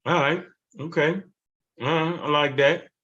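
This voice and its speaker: A man's voice: on the high side, steady tone, measured pace, a bit bright. A man hosting a livestream show in a loose, casual way, tagging "man" onto his phrases. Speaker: show host. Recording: muffled lo-fi audio.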